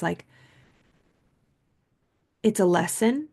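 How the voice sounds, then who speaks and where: A podcast host and coach with a low, creaky, slightly mellow voice shares a personal story at a moderate pace, pausing often. Her casual storytelling monologue is chatty and rambling, loaded with "like," and earnest and reflective in feel.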